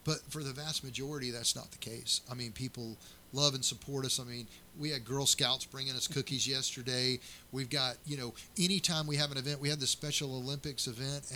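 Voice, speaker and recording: Earnest bright-voiced sheriff. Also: male voice, mid-range voice, a little hiss or hum. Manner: earnest, storytelling with many restarts. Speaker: county sheriff. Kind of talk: interview answers.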